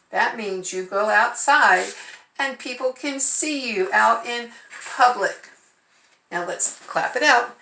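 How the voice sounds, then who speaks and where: A woman's voice: a little high, bright, forceful tone, a little hiss or hum. A woman teaching first graders phonics, patiently sounding out letters and syllables. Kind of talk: remote phonics lesson. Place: home. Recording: echoey room.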